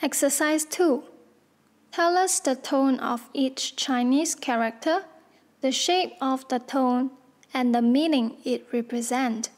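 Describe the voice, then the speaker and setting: A woman teaching pronunciation as a slow instructional drill, spelling out letters one at a time in a deliberate way. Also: high voice, a little mellow. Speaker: language teacher.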